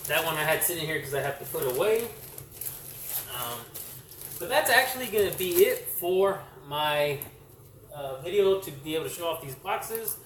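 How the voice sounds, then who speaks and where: A man's voice: fairly high pitch, fairly bright tone. A man casually showing his comic collection on camera, rambling with many fillers and self-corrections. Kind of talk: casual show-and-tell vlog. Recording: roomy echo, distant mic, faint hiss.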